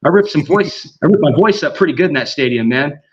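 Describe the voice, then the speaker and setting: High-voiced excitable man, rambling. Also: fast talker. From Southern California. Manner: excited, rambling, slangy, mimics others in quoted voices. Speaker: guest. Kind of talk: rambling casual podcast chat. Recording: dull lo-fi audio.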